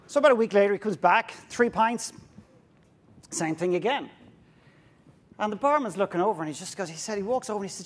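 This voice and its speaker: Animated Irish man telling stories. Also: sits high, brisk, long pauses. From Ireland. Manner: animated, humorous storyteller. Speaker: speaker. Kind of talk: storytelling keynote talk. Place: stage before a live audience.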